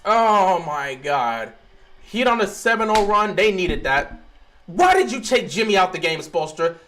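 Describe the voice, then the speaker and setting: A young man live-streams his reactions while watching a basketball game, swinging from quiet mumbling to pleading to sudden shouts. His high voice has big pitch swings, and he keeps a measured pace.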